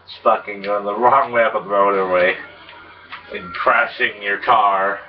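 A man giving casual game commentary, rambling and crude, laughing and jumping into high excited yelps. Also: measured pace, recorded from a distance, dull audio, faint music behind. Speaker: gameplay commentator.

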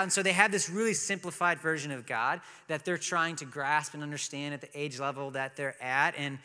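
Bright-voiced pastor in a reverberant hall. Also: male voice, on the high side. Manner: conversational storytelling with light humor. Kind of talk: sermon. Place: church sanctuary.

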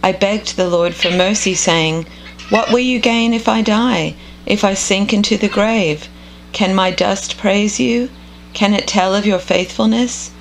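Female scripture reader, measured and contemplative, gravelly voice with faint hiss behind. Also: medium pitch, low-quality recording. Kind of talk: slow devotional scripture reading.

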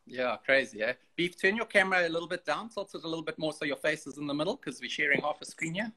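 A man's voice: fairly high pitch, lively intonation, fast talker, bright, forceful tone. A man hosting a casual interview over a video call, chatty and teasing in his banter. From South Africa. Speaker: host.

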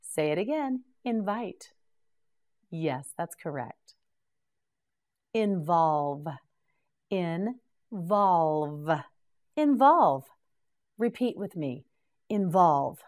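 This middle-aged woman teaches English words through a slow, scripted pronunciation drill, her lowish, darkish voice carrying lively intonation. She patiently repeats each word slowly several times and encourages the learner with praise.

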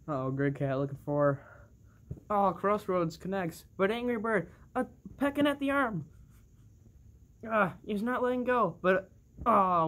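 An excitable play-by-play commentator calls a toy wrestling match, breaking into bursts of oohs and laughing mid-call. The delivery is slow and drawn out. The pitch sits in a plain middle register.

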